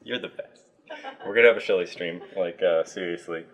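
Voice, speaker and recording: A man's voice: deep voice, a little fast. A man hosting a livestream, chatting casually with a guest, with plenty of fillers and restarts. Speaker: livestream host.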